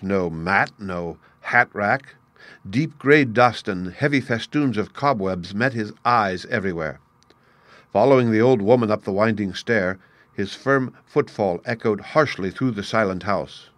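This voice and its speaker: A man narrating a classic story aloud in a steady, clear storytelling manner. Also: on the low side, measured pace, dry recording.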